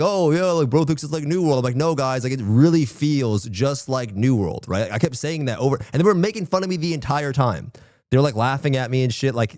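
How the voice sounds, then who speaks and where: Man, streamer, casual rant, profane slang, slightly high voice, dry close mic. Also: darkish tone, no room sound. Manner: profane, rambling, exasperated ranting with slang. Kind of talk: casual livestream chat.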